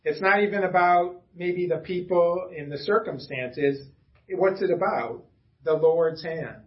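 A man preaches a casual sermon to a small church gathering. His voice sits a bit higher than usual, and he delivers it conversationally, with homey asides and stumbling restarts. The recording is muffled and lo-fi. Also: unhurried. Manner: casual and chatty, with self-deprecating asides and frequent restarts. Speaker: pastor. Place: church room with a small congregation.

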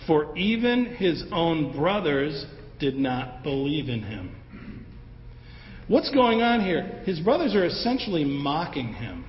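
A man with a fairly high voice delivers a casual, animated sermon and slips into the voices of the people he talks about. He is recorded in a roomy hall with a long echo, and the sound is somewhat dull, with faint ambience behind him. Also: takes it slowly, a little hiss or hum. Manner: conversational, animated, acts out the voices of the people in the story. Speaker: pastor.

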